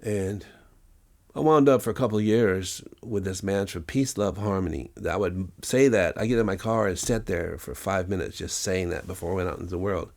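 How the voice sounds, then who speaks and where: A man with a fairly low voice telling long stories in an interview. He is a musician and music teacher who rambles, fills pauses with "um" and restarts his sentences often. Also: vocal fry, a little mellow. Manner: rambling, anecdotal, with many fillers and restarts. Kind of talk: interview storytelling.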